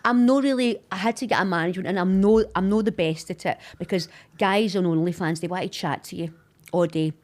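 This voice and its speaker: A woman's voice: fairly low pitch, darkish tone. A woman with a Scottish accent, chatting casually and laughing as a podcast guest. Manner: fast, chatty, laughing, self-deprecating. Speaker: podcast guest, social media personality. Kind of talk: casual chat.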